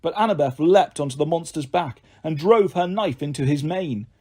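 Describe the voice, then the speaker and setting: A man narrating a first-person audiobook with an expressive, dramatic delivery. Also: fairly high pitch, moderate pace.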